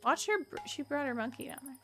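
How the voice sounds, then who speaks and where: Brief: young woman streamer from the South, high bright voice, excitable and jokey, faint game music. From Southern United States. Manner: excitable, laughs and gasps a lot, jokey. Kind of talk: casual gameplay commentary.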